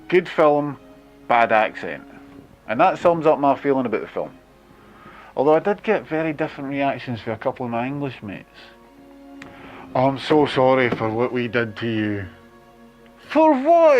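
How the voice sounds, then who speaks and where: A Scottish man in his forties, talking to camera in a wry, chatty monologue full of jokey asides. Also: mid-range voice. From Scotland. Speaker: video blogger. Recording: muffled lo-fi with faint music.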